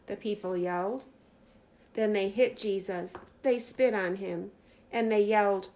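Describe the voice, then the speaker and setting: Teacher reading a children's story, woman, very slow, dramatic pacing. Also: mid-range voice, fairly even intonation.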